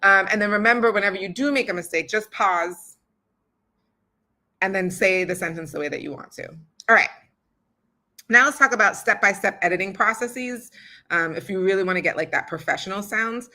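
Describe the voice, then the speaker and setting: A woman's voice: medium pitch, brisk, bright, forceful tone. A young woman hosting a podcast, giving a casual how-to talk on recording audiobooks in a chatty, filler-heavy way and laughing often.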